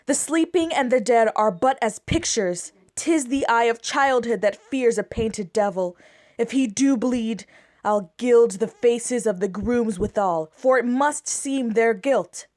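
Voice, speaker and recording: A scornful, commanding Lady Macbeth, voiced by a woman for a home-recorded Shakespeare play. She gives orders slowly and deliberately in a slightly high voice. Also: darkish tone, lightly acted.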